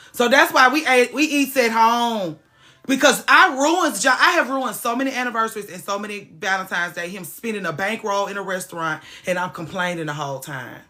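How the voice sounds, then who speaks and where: Woman host, bright, mid-pitched voice, swears freely, vents with emphasis. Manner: emphatic, profane ranting. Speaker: podcast host. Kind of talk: casual chat.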